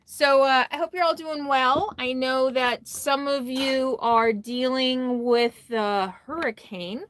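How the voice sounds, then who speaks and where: A woman's voice: high voice, steady tone, slow pace, a bit bright, slight background noise. A tired woman hosting a casual RV livestream from her phone, chatty, greeting viewers by name and laughing often. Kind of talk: casual live stream chat. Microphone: phone held close.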